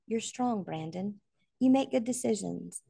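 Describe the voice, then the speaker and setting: A woman voicing a trapped father who speaks slowly, quietly and weakly, his voice trembling. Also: medium pitch, lively intonation, gravelly, husky, no room sound, clean studio sound, heavily acted. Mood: gentle, resigned. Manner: quiet, weak, trembling, slow.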